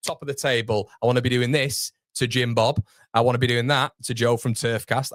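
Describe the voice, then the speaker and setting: A man's voice: mid-range voice, no echo, clean studio sound. A young man hosting a live football fan stream, chatting casually and reading viewer comments aloud. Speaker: fan channel host. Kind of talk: live football watchalong chat.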